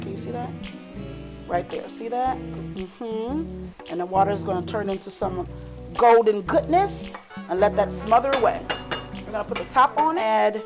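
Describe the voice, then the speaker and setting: A middle-aged woman hosting a casual cooking vlog in her home kitchen, chatty and teasing, talking to viewers as y'all. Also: mid-range voice. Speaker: cooking show host. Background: music and family chatter.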